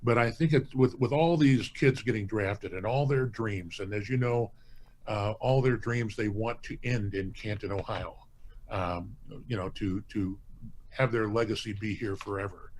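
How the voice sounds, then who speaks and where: A man, the president of a hall of fame museum, is a guest in a casual interview, telling stories in an earnest, rambling way and often restarting phrases. His voice is lowish and darkish in tone at a moderate pace, with a little hiss or hum.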